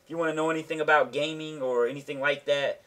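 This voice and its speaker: A man's voice: a little high, fairly even intonation, quick pace, fairly bright tone. A man hosting a gaming channel, explaining gear in a loose, rambling, conversational way with slangy asides. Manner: slangy, offhand. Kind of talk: casual tech vlog explanation.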